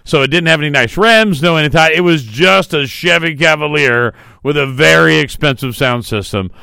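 A man in his forties hosting a morning radio talk show, telling stories in a lively, chatty way. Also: on the high side, moderate pace, vocal fry, clear, resonant tone, no echo, clean studio sound. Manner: animated storytelling, mimics quotes. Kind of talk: casual radio chat.

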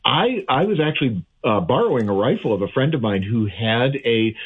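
Husky man on a tinny phone line. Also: mid-range voice, very animated, moderate pace. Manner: friendly, rambling, many fillers and restarts. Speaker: audiologist guest on call-in. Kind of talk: casual radio chat. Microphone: remote call.

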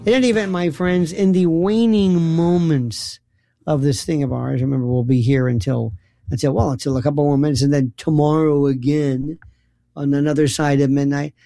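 A male radio talk host with a high voice and a gravelly edge, running a late-night call-in show. He moves easily between callers and sign-offs in a folksy manner. Faint music plays behind him. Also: fairly even intonation, moderate pace, warm tone, dry recording, studio quality.

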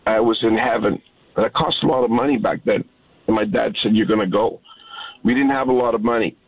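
A man's voice: mid-range voice, fast, no echo. Middle-aged guy calling in, heartfelt, tinny phone line. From Canada. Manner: heartfelt, animated storytelling. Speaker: caller. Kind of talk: phone-in storytelling.

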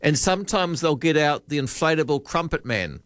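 A man's voice: fairly high pitch, lively intonation, a little fast, fairly bright tone, no echo. A man hosting a talkback radio show, rambling and joking as he thinks aloud at a studio microphone. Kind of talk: casual radio chat.

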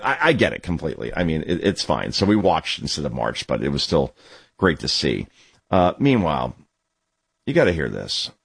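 This father and youth baseball coach hosts sports talk, indignantly and sarcastically telling lively stories and giving his takes. His voice is low-pitched and slightly rough, and the recording is dry.

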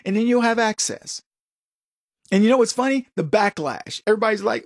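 Combative high-voiced male commentator. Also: a little fast, no room sound, studio quality. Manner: combative, sarcastic, mocking quoted voices. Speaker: political commentary host. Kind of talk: talk show monologue.

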